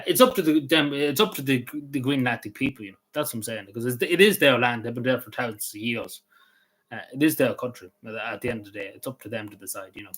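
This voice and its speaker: A man's voice: mid-range voice, fairly bright tone. A man with a Cavan Irish accent, chatting casually to his viewers on a livestream in a rambling way, with many restarts and fillers. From Ireland. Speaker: vlogger.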